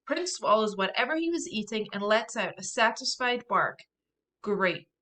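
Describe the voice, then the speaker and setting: A woman narrating a children's chapter book in a lively, expressive way with soft asides. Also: a little high, normal speed. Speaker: audiobook reader.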